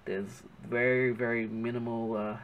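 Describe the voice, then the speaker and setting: A mid-range voice with little pitch movement carries this Australian man's unhurried, rambling narration of his drawing. He's chatty but keeps searching for words and correcting himself. The rough recording has a little hiss or hum.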